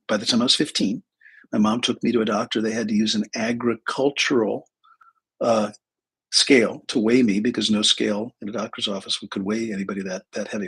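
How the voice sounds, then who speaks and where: A middle-aged man with a gravelly, rough, husky voice talks casually to his viewers. He rambles and pokes fun at himself, trailing off into fillers and starting sentences over. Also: on the low side, fairly bright tone, rough recording. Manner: rambling, self-deprecating, many fillers and restarts. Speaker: therapist and spiritual teacher. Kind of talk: casual livestream talk.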